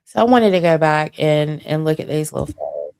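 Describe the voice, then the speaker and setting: A woman's voice: deep voice, wildly swooping pitch, fairly quick, gravelly, darkish tone, clear, resonant tone, no room sound. A woman in her forties hosting a casual livestream from her home computer desk, rambling and swearing as she vents her frustration. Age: 40s. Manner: rambling, profane, frustrated and venting. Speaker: livestream host.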